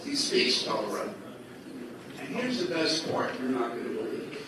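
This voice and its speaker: High animated guy telling a story, doing the voices, far from the mic in a big echoey hall. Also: unhurried, noisy background. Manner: acts out quoted dialogue with shifting voices. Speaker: storyteller at a religious gathering. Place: large echoey hall at a school.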